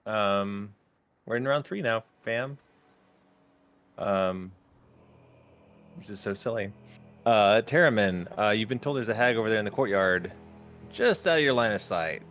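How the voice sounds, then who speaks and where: A man's voice: fairly low pitch, a little slow, long pauses, soft background music. A man running a tabletop game as game master, making easygoing rules calls. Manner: relaxed, laughs easily, rules calls.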